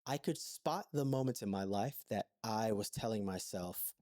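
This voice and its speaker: A man's voice: on the low side, expressive, moderate pace, darkish tone, no room sound, clean studio sound. A man co-hosting a podcast, telling his story in an earnest, thoughtful way in an intimate conversation. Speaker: podcast co-host.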